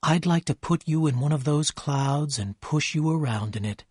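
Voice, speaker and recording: A man voicing an excitable young rich woman who gushes breathlessly, in an audiobook reading. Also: fairly high pitch, moderate pace, breathy edge, no echo, clean studio sound. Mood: dreamy.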